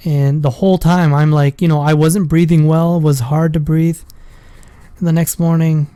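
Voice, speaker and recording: A man's voice: on the high side, little pitch movement, normal speed, warm tone, clear, resonant tone, dry recording. A man, a father, casually telling a personal story in a rambling, profane way. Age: adult with a school-age daughter. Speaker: vlogger.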